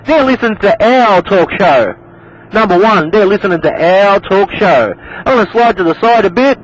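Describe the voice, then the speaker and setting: High-voiced Australian man on CB radio. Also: animated, normal speed, lo-fi sound. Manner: repetitive, calls everyone man. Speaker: CB radio operator. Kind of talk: casual CB radio chat. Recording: noisy radio skip.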